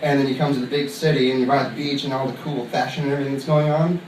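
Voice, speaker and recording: A young man from upstate New York doing a stand-up comedy set, telling a loose, rambling story full of fillers and breaking into quick voices for the people in it. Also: medium pitch, flat delivery, darkish tone, slight background noise. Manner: acts out other people in quick put-on voices. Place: comedy club stage. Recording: roomy club sound from a distant mic, audible ambience. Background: crowd laughter.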